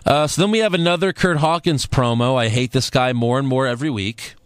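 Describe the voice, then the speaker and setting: A man's voice: mid-range voice, a little fast, clean tone, dry recording. A man co-hosting a wrestling podcast, recapping shows in casual, sarcastic chat and often laughing.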